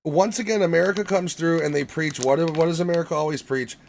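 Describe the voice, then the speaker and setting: A man's voice: a little high, quick pace, gravelly, a little hiss or hum. A man co-hosting a podcast, ranting in casual, profane, emphatic chat. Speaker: podcast co-host.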